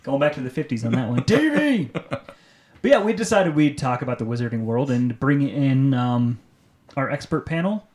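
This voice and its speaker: A man's voice: medium pitch, animated, brisk, darkish tone. A young man co-hosting a podcast in casual chat, joking and often laughing. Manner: laughing, joking, sometimes sings. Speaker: podcast co-host.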